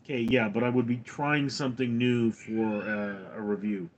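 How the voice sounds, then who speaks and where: A man live-streaming from home, reading chat comments and answering in a dry, deadpan way. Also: medium pitch, moderate pace, lo-fi sound, a little hiss or hum.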